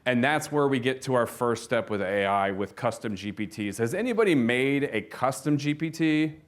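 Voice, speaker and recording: A man's voice: medium pitch, lively intonation, normal speed. A man giving a casual seminar talk to an audience of real estate agents, telling stories with lots of fillers and restarts. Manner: chatty storyteller, frequent fillers and restarts.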